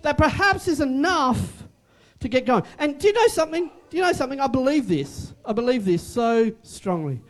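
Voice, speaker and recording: A man's voice: extremely high pitch, very animated, moderate pace. A man preaching a sermon as pastor, emphatic and repetitive, with joking asides.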